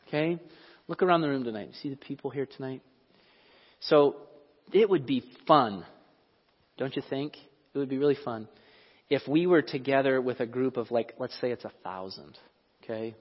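Animated preacher in an echoing hall. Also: male voice, mid-range voice, husky. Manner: conversational, animated, asks the audience questions. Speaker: pastor. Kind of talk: sermon. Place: church hall. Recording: dull, lo-fi recording in a reverberant hall.

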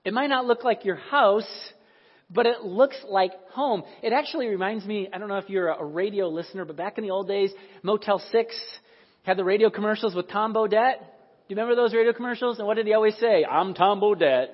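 A man's voice: high-pitched, fairly even intonation, a little fast. A man preaching a sermon as pastor, talking conversationally and asking the congregation questions. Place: church sanctuary. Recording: echoey hall, dull sound.

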